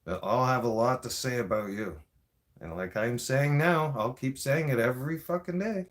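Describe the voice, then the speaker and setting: A man's voice: medium pitch, normal speed. A Canadian man delivering an angry, profane political rant in a vlog. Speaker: vlogger.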